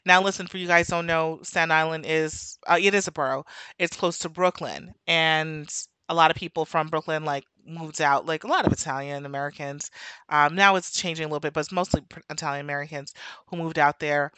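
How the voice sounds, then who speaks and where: Chatty New York woman with a bright, forceful voice. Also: sits low, brisk, smooth, no echo. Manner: animated, chatty, goes on tangents, laughs often. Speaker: podcast host. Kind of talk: casual opinion monologue.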